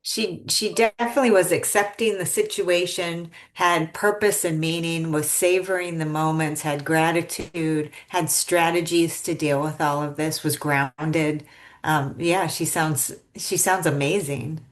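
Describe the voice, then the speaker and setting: A woman's voice: low voice, fairly even intonation, measured pace. A woman hosting a podcast interview, reflective and thoughtful in how she talks. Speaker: podcast host.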